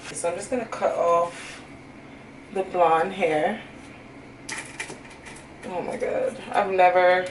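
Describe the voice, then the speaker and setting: A woman's voice: on the low side, recorded from a distance, a little hiss or hum. A young woman and hairstylist talking candidly to camera in a casual vlog, chatty and full of "like". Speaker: hairstylist and vlogger. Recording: roomy echo, faint music.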